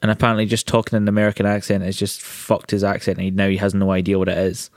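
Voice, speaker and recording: A man talks films in casual podcast chat, blunt and quick to swear. His voice sits on the low side, and the sound is close and dry with no room around it. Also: monotone, dry recording. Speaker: podcast co-host.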